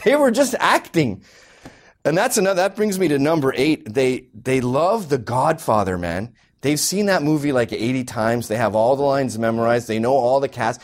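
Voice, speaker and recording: A man's voice: mid-range voice, expressive, moderate pace, hardly any pauses, a little mellow. A Canadian man doing an exasperated, mocking stand-up rant. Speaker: comedian.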